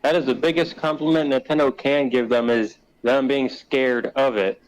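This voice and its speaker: A man's voice: mid-range voice, steady tone, moderate pace, clear, resonant tone, rough recording. A man on a casual podcast who chimes in with wry, agreeing remarks. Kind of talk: casual chat.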